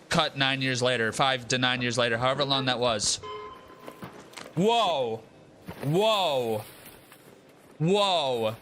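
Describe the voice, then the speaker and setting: A young male streamer rants casually while he plays, swearing freely and hammering each point home by repeating it. His voice sits slightly high and comes out bright and forceful, with a faint noise behind it. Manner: animated, profane, repeats himself for emphasis. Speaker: gaming streamer. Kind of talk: casual live-stream rant while gaming.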